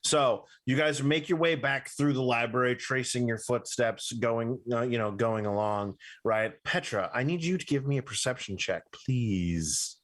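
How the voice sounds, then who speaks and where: A man running a tabletop game as game master, narrating scenes in a loose, halting way with fillers and restarts. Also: medium pitch, fairly bright tone.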